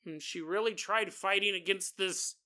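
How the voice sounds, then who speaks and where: A man's voice: high-pitched, normal speed, pushed and bright. A man hosting a podcast, telling a ghost story casually with jokey asides and digressions. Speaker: podcast host. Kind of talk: comedic storytelling narration.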